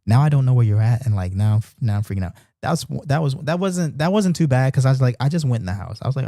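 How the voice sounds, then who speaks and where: A man tells a story in a loose, animated way, full of slang and restarts. His voice is mellow and warm at a medium pitch. The sound is dry and close, with little room echo. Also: fast talker, hardly any pauses. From Baltimore. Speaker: host of a Bible reading stream. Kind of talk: casual storytelling chat. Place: apartment in Japan.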